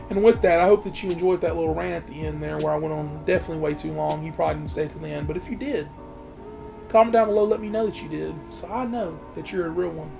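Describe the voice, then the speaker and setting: A man's voice: high-pitched, fairly even intonation, rapid-fire, vocal fry, faint music behind. A man reviewing a movie in a heated, profane rant, talking straight to his viewers. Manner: heated, swears heavily, talks straight to viewers. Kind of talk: profane ranting monologue.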